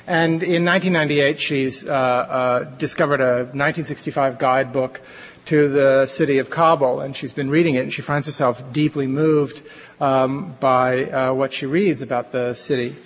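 A playwright, a man, introducing his reading in a hesitant, halting way, full of ums and uhs and self-deprecating asides, speaking in a lecture hall. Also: mid-range voice, steady tone. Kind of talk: informal introduction before a reading. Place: lecture hall before an audience. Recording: long reverb in a large hall.

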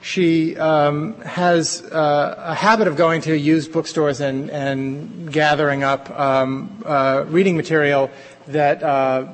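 Halting man in an echoing hall. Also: fairly high pitch, steady tone. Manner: hesitant, halting, many ums and uhs, self-deprecating asides. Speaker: playwright reading his own work. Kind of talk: informal introduction before a reading. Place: lecture hall before an audience. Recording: long reverb in a large hall.

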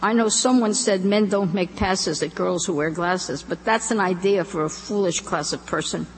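A fussy, tender old father lectures his grown daughter on caring for herself, as a woman reads his lines aloud in a live story reading. His voice is gravelly and a touch higher than the reader's own. It rings with a long hall echo over a faint hum. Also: moderate pace. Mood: lecturing. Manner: earnest, insistent advice-giving.

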